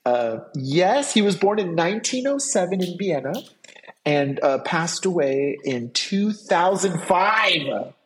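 A man's voice: high-pitched, animated, takes it slowly, slight background noise. A man co-hosting a podcast, telling trivia in enthusiastic casual chat. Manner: enthusiastic storytelling with fillers. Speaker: podcast co-host.

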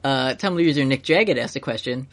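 A man's voice: medium pitch, lively intonation, a bit bright. A man co-hosting a podcast, chatting casually and reading listener questions aloud. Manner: fast, joking, reads listener questions aloud. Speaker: podcast co-host. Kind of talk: casual chat.

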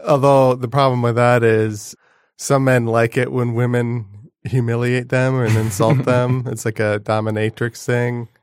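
A man's voice: medium pitch, level tone, a little slow, few pauses, clear, resonant tone, no room sound. A man chatting casually on a podcast, telling stories in a dry, self-deprecating way. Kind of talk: casual chat.

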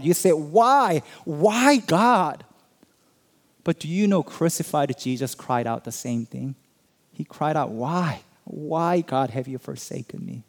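A man's voice: a little high, a little mellow. A male pastor preaching an Easter sermon, building emphasis and acting out quoted voices.

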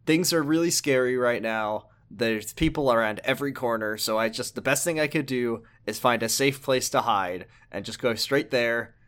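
A man's voice: medium pitch, moderate pace, few pauses, a bit bright, smooth. A young man casually recapping a video game's story as a podcast co-host, joking and rambling with fillers. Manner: jokey, rambling, lots of fillers. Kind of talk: casual chat.

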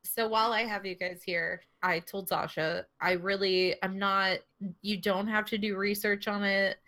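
A woman's voice: mid-range voice, steady tone, moderate pace, bright, forceful tone. A woman co-hosting a casual podcast chat, laughing often and swearing casually. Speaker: podcast co-host.

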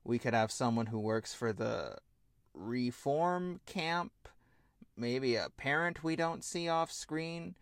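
A man co-hosting a casual podcast chat, animated and laughing, with frequent swearing and quick asides. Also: medium pitch, no echo, clean studio sound. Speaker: podcast co-host.

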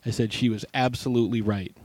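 A man's voice: mid-range voice, fairly even intonation, fast talker, a little mellow. A man with a mid-range voice co-hosts a casual podcast, chiming in with jokes and easygoing banter. The sound is close and dry, with no room echo. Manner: joking, interjecting banter. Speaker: podcast co-host. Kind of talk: casual chat.

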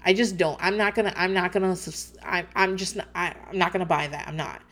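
A woman recapping a TV show in casual chat, candid and animated, often restarting her sentences and laughing. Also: lowish voice, brisk.

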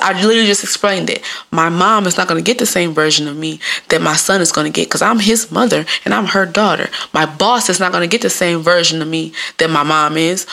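Animated woman with a gravelly voice. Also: mid-range voice. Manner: animated, profane, laughing often. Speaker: podcast host. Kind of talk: casual solo podcast monologue.

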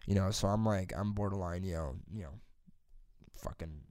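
A young man telling a rambling high school story on a podcast, swearing freely and saying "dude" and "like" constantly. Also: moderate pace, dark tone, smooth, dry recording, studio quality. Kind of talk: casual storytelling chat.

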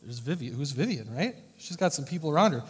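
Male pastor, emphatic earnest delivery, slightly raised pitch, reverberant hall sound. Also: big pitch swings, quick pace, slightly rough. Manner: earnest, emphatic preaching with swings in loudness. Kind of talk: sermon.

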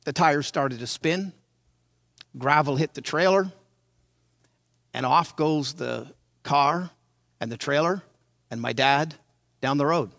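A man in his sixties preaching a sermon, telling his childhood story in a dramatic, animated way. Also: fairly high pitch, takes it slowly, pauses often, dry recording, clean studio sound. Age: 60s.

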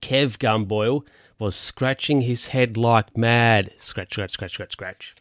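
Slow, amused man reading a picture book. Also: mid-range voice, fairly bright tone, no echo. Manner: amused, ad-libbing wry comments. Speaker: reader. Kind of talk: reading a picture book aloud with joking asides.

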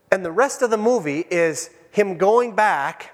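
A man who is a pastor delivers a sermon in a church, telling stories and moving between hushed and raised delivery. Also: sits high, lively intonation, unhurried. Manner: storytelling, dramatic shifts between hushed and raised. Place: church sanctuary. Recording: long church reverb.

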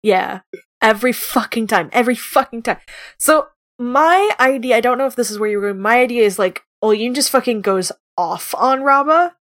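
A woman's voice: a little high, animated, normal speed, few pauses, fairly bright tone. A woman chatting casually while planning a role-play scene, swearing freely and filling with "like". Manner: profane, laughing, lots of "like". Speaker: tabletop role-play player.

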